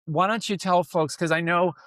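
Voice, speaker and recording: A man hosting a podcast interview, talking in a halting, emotional way with lots of restarts. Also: high voice, steady tone, fairly bright tone, no echo, studio quality. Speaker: podcast host. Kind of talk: casual interview chat.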